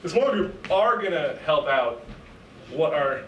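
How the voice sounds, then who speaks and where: Shouty excitable young man hosting improv. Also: a little high, a little slow, dull audio. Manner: loud, excitable, breaks into shouting. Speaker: improv game host. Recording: echoey room, mic at a distance, faint noise.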